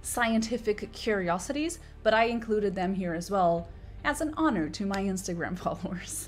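A woman's voice: mid-range voice, animated, normal speed, faint music behind. A woman marine biologist hosting a casual vlog, talking in a playful, self-mocking way with small laughs. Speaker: marine biologist and video host.

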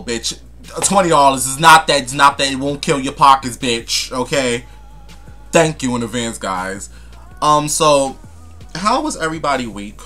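A man's voice: on the high side, pushed and bright. A young man vlogging in a casual chat to camera, sassy and flamboyant, calling viewers honey and darling with dramatic, gossipy asides.

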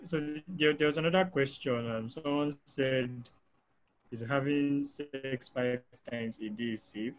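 A man's voice: mid-range voice, measured pace. Hesitant man moderating a webinar. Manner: hesitant, with many fillers while reading questions. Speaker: webinar host. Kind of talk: moderating questions. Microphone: video call.

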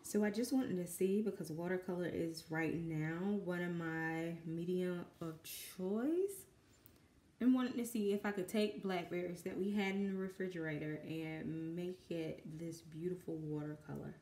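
Southern woman, low voice, dry and nervous, rambling with lots of ums, echoey home room. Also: measured pace, dark tone. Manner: rambling, self-conscious, many fillers. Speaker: artist and mother. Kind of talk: nervous painting vlog. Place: home room with kids in the background.

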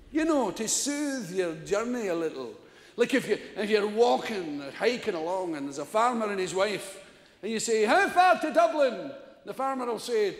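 An older Scottish man telling a stand-up story, laughing often, swearing freely and acting out the people he quotes. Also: sits high. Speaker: stand-up comedian. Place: large theatre stage. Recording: echoey hall, live stage recording.

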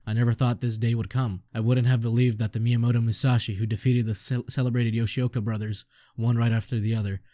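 A man reading aloud as a battered young male drifter who boasts and reminisces wistfully, with a dark, dry voice. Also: medium pitch, no room sound, lightly acted. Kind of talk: manga read-aloud.

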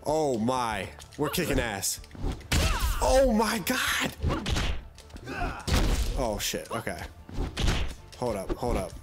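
A man giving live, excitable gameplay commentary, swearing and trash-talking his opponent. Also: mid-range voice, measured pace. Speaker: gamer. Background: loud game music.

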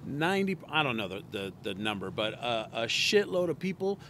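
Man, podcast host, casual chat, loose and profane, bright forceful tone. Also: medium pitch, big pitch swings, fairly quick, slight background noise.

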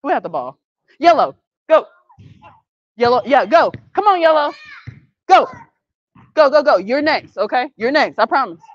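A woman coaching a youth basketball practice, calling brisk directions and praise and gently correcting the kids. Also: high voice, very animated, no echo. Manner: brisk, directive calls and encouragement; patient, gentle correction of the group. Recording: dull, dry lo-fi sound.

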